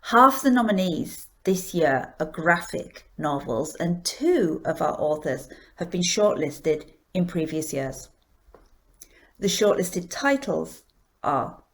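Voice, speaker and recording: A woman hosting an awards presentation, reading a script in a measured, deliberate way. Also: lowish voice. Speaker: awards host.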